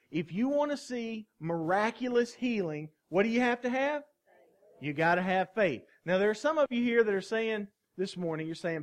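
A man's voice: high-pitched, lively intonation, normal speed. A man in his thirties, a pastor preaching a sermon with call-and-response asides to the congregation.

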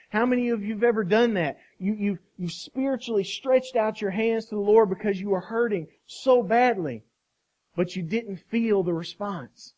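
A high-voiced man preaching to his congregation, swinging from hushed, slow passages to loud cries. He asks the room questions and calls on listeners by name, and the recording sounds dull and lo-fi. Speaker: pastor. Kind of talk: sermon.

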